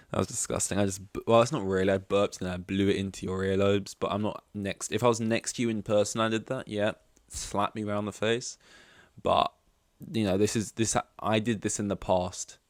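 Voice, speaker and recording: A man's voice: lowish voice, sharp tone, no room sound. A man hosting a casual solo podcast, rambling with self-interrupting jokes and asides. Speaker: podcast host.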